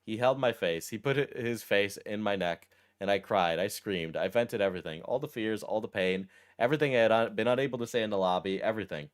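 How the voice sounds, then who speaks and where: Male streamer, smooth lowish voice, reads text aloud and cuts in with dry, deadpan jabs. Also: a little fast, hardly any pauses. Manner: wry, deadpan asides between read passages. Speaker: streamer reacting to a text post. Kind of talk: casual commentary while reading aloud.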